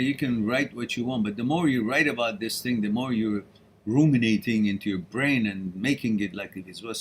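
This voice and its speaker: With slight background noise behind him, a medium-pitched man runs a live-stream Q&A. He's frank and blunt with viewers' questions, swears casually, and laughs a lot between answers.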